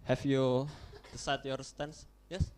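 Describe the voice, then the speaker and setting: A man's voice: medium pitch, flat delivery, darkish tone. Young indonesian-accented guy running a model un vote, keeps restarting and fixing his words. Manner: halting, repeats and corrects himself. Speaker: conference chair.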